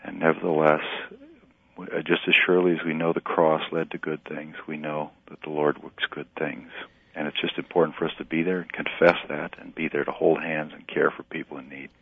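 A man, a pastor and relief director, speaking in an earnest, halting way in a radio interview by phone. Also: extremely low pitch, little pitch movement, gravelly, slightly rough, no echo. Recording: tinny phone line, dry.

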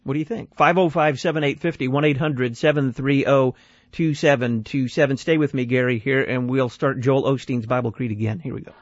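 A man's voice: medium pitch, steady tone, fairly quick, no echo, muffled recording. A man hosting a call-in radio show, giving critical commentary on a played clip in a conversational way with restarts and repeated phrases.

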